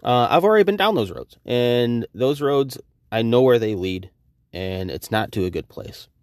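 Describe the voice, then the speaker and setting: A man in his thirties, hosting a podcast and telling a story in a casual, profane, animated way, acting out the quoted exchanges. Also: medium pitch, moderate pace, no echo, clean studio sound. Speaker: podcast host.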